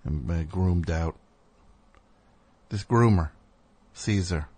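A man's voice: low-pitched, slow, a little mellow. A man hosting a comedic call-in radio show, ranting in a rambling, indignant way.

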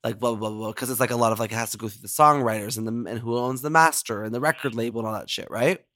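A man hosting a podcast in a camp, animated way, swearing freely and chatting with callers. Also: medium pitch, rapid-fire, no room sound. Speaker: podcast host. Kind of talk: casual chat.

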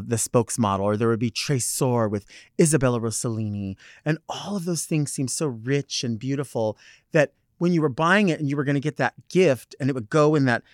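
Campy drag host with a dry close sound. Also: male voice, mid-range voice, no echo. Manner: theatrical, playful drag persona with sassy asides. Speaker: podcast host. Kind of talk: campy talk show monologue.

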